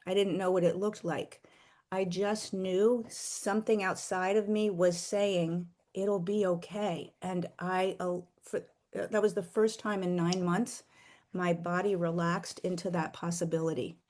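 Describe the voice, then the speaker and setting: A middle-aged woman earnestly sharing a personal faith story, slowing down for emphasis. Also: on the low side, flat delivery, darkish tone. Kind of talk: heartfelt personal testimony.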